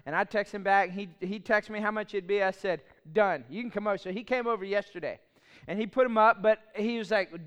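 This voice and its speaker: A middle-aged man preaching a sermon, telling a funny personal story with animated storytelling and acted-out voices. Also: high-pitched, clear, resonant tone. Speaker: pastor.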